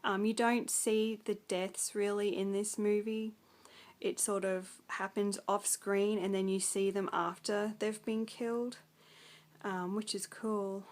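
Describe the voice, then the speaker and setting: A young Australian woman with an Australian accent, rambling through a casual film review full of ums and likes. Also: medium pitch.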